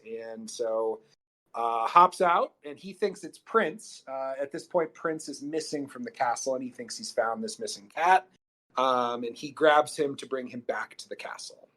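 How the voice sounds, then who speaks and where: Man with a slightly high voice, podcast co-host, casual rambling recap, lots of fillers. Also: fairly bright tone. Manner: rambling, filler-heavy plot retelling. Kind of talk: casual movie recap chat.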